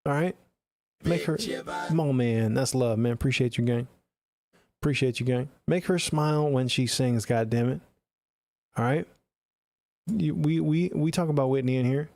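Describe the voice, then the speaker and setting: A man's voice: medium pitch, normal speed, gravelly, darkish tone, no echo. A man streaming live, giving blunt, profane, chatty feedback on listeners' songs into a close studio mic. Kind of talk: casual live-stream critique.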